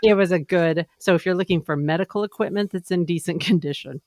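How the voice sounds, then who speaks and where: A woman co-hosting a casual podcast chat, animated and chatty as she tells her stories. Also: on the low side, fast talker, a little hiss or hum. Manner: chatty and animated, slipping into quoted voices. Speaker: podcast co-host.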